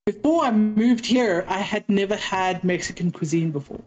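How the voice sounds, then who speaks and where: A woman's voice: medium pitch, normal speed, a little mellow, muffled recording. A woman from South Africa with a South African accent, chatting as a podcast guest and acting out little exchanges as she tells stories. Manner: chatty storyteller, acts out exchanges with quoted voices. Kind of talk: casual interview chat.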